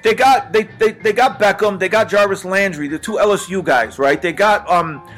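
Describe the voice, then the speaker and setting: A man's voice: high-pitched, normal speed, fairly bright tone, soft background music, poor audio. An older man co-hosting a podcast, talking sports in an emphatic, repetitive way. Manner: emphatic, repeats himself. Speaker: podcast co-host. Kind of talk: casual sports chat.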